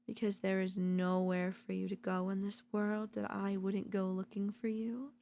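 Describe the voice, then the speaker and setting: A woman voicing a possessive, doting yandere girlfriend in a whispered role-play, talking softly and slowly at a close mic. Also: mid-range voice, level tone, vocal fry. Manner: soft, possessive, doting, slow and lingering. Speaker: voice actor.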